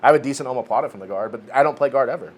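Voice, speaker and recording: A man's voice: medium pitch, very fast, slightly rough. A man in his forties, a podcast co-host telling a training story in a casual chat, swearing freely and restarting his sentences. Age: 40s.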